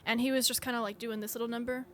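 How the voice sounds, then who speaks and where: A woman co-hosting a casual podcast, telling a ghost story in an animated, halting way with many restarts. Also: a little high, a little hiss or hum. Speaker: podcast co-host.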